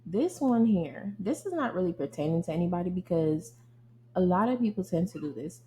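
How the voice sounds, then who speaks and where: A woman's voice: fairly low pitch, a little fast, slight background noise, poor audio. A young woman hosting a podcast, venting bluntly and with lots of profanity in a casual rant. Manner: blunt, profane, animated venting, addresses listeners as y'all. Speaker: podcast host. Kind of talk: casual ranting monologue.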